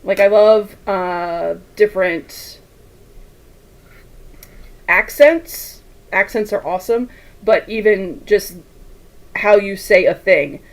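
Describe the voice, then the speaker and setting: A woman talks her way through a sewing session on a livestream, easygoing and chatty. She drifts from one tangent to the next and laughs often. She speaks at a slow, unhurried pace. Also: mid-range voice, low-quality recording. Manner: chatty, rambling, laughs often, reads chat aloud. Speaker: quilting livestream host. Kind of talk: casual chat while sewing.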